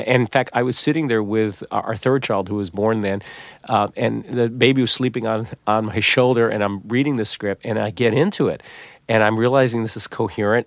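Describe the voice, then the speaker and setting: A middle-aged man, a novelist and psychologist, telling stories in an interview with lively restarts and repeats. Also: lowish voice, creaky, no echo. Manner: animated storyteller, many restarts and repeats. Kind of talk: conversational interview.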